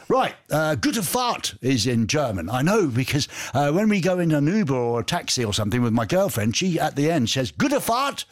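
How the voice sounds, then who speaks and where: A man's voice: medium pitch, sing-song, fairly quick, no room sound. A man hosting a casual radio show, chatty and jokey, reading out messages and poking fun at himself. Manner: jokey, chatty, self-mocking. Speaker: radio host.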